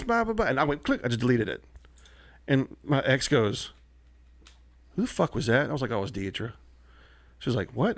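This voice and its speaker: A man telling a story on a casual podcast. He acts out quotes with animated swings of voice. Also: medium pitch, gravelly, no room sound. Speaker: comedian guest.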